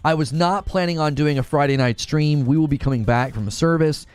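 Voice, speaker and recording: A man's voice: on the high side, brisk, clean tone. A man hosting a live gaming news stream, chatting casually and reading out chat messages. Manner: casual, talks to chat, thanks donors excitedly.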